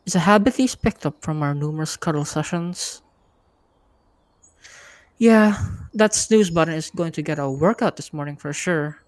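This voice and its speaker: A woman hosting a live reading night and narrating a first-person story in a steady, easygoing way. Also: sits low, normal speed, no echo. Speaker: host and narrator.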